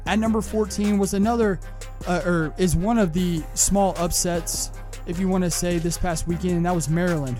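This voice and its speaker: A young man from Kentucky hosting a sports podcast, giving an earnest, lively sports talk monologue. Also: fairly high pitch. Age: young adult. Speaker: podcast host.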